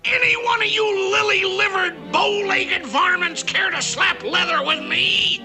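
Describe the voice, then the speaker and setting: An actor playing a brash, boastful cartoon cowboy gunslinger with a gravelly drawl. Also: male voice, extremely high pitch, unhurried. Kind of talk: cartoon voice acting. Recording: clip with loud music behind.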